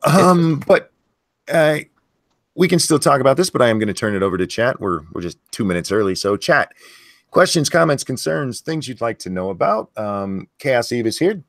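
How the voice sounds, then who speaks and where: A man's voice: medium pitch, expressive, normal speed, dry recording, studio quality. A man hosting a live stream, talking in a blunt, profane, casual way and reading chat messages aloud. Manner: blunt and profane, many fillers and restarts. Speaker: host of a live stream show.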